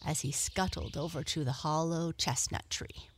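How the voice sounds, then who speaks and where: A woman storyteller reading a children's story aloud in a gentle, expressive way. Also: low-pitched, moderate pace, slight background noise.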